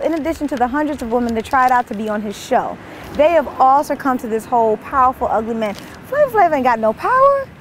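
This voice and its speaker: A woman, delivering an animated, exasperated comic rant as a monologue. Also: a little high, a little hiss or hum. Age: 20s. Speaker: comedian.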